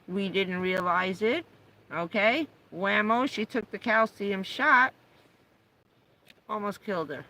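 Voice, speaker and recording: A woman's voice: medium pitch, slow pace, long pauses, sharp tone, low-quality recording. A middle-aged woman chatting casually on a live stream, talking to her dog in a coaxing raised voice and telling stories. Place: parked vehicle on a rainy day.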